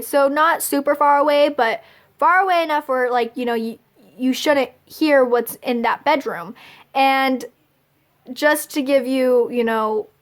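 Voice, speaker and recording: A young woman vlogger telling a personal story in a chatty, casual way, with lots of fillers and little laughs. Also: high-pitched. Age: young adult. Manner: chatty, filler-heavy, giggly.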